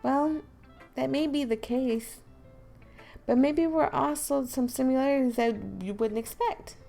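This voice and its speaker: A woman voicing a poised, gentle teen girl who leads a school club, speaking softly and sweetly. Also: high voice, measured pace, creaky, soft background music, voice pushed up. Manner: soft, sweet and friendly. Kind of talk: voice acting a visual novel.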